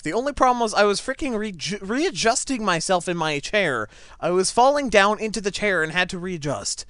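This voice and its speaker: A teenage boy giving live commentary on a game he is playing at home, excitable, laughing and stammering as things happen. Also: a little high, smooth, no room sound, clean studio sound. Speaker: gaming YouTuber. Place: home, seated in a chair.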